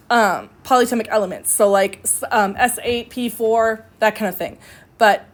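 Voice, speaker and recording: A woman chemistry instructor giving a recorded lecture, explaining step by step in a conversational way with fillers and self-corrections. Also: on the high side.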